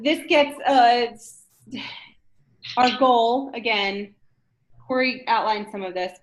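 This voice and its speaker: A woman lecturing a class in a conversational way, often checking in with the room by asking "right?". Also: fairly high pitch. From northern United States. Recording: dull lo-fi lecture recording.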